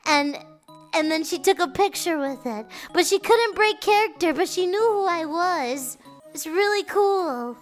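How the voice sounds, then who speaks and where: A woman's voice: very high voice, expressive, a little slow, soft background music. A young woman streamer chatting casually to her viewers, telling stories in a playful, chatty way. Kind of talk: casual chat.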